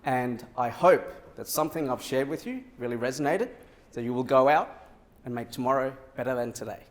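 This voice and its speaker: A man giving a motivational keynote on a conference stage, telling a story in a lively way and acting out the dialogue. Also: mid-range voice, normal speed, a little hiss or hum. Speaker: keynote speaker.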